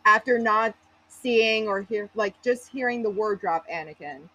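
A woman's voice: mid-range voice, measured pace, bright, forceful tone, muffled recording. A woman guest on a fan podcast, gushing and emotional, laughing between phrases. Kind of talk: casual fan podcast chat.

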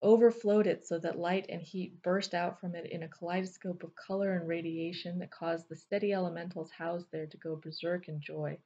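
Low-voiced woman narrating fiction. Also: steady tone, moderate pace, few pauses, mellow, husky, muffled recording. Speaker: audiobook narrator.

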